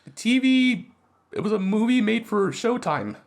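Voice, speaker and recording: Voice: medium pitch, expressive, normal speed, creaky. A podcast co-host tossing in jokey comments during a casual chat about a film. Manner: jokey interjections.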